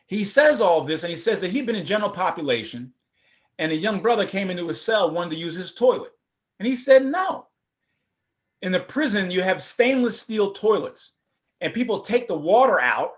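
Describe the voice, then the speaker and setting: A middle-aged man, a former prosecutor, telling his personal story at a forum in a lively, conversational way. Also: high voice. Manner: animated, conversational, acts out voices.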